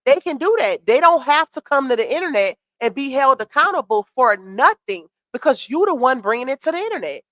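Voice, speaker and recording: Congested woman, sassy live-stream host, slightly high voice, dry close sound. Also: big pitch swings, a little fast, hardly any pauses, a bit bright, no room sound. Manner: sassy, chatty, greets chat viewers. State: congested with a cold. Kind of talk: casual commentary live stream.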